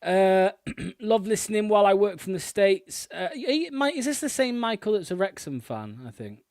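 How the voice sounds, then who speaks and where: A man's voice: sits high, big pitch swings, moderate pace, darkish tone, no room sound, studio quality. A man with an English accent hosting a fan call-in show, chatting in a casual, matey way and repeating short phrases. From raised in Pembrokeshire, Wales. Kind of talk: casual live-stream chat.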